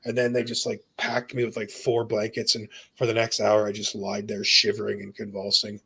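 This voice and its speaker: On the low side and brisk, this young man's voice is husky with vocal fry and a sharp tone, his delivery completely flat. He's a guest giving emotional personal testimony about his near-death experience, telling it earnestly and intensely in casual talk full of "dude" and "bro."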